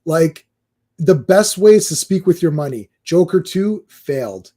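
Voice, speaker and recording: A man on a casual podcast, talking in a warm, mellow tone with a fairly high pitch. He is animated and rambling, and he slips into mocking voices to act out other people's complaints. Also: unhurried. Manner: animated, mimics fans in mocking quoted voices. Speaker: podcast co-host. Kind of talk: casual chat.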